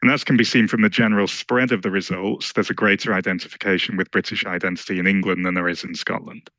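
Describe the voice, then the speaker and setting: A man giving an academic slide presentation, explaining survey results in a measured, step-by-step way. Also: low voice, fairly even intonation, sharp tone, no room sound, poor audio. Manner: measured, explanatory, walks through charts. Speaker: lecturer presenting survey research.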